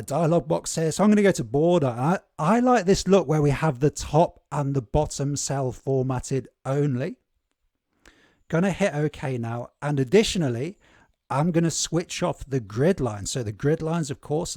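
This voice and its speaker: A man's voice: fairly high pitch, darkish tone, no echo, studio quality. A man teaching a live spreadsheet course over a screen share, talking casually with many fillers and repeated words.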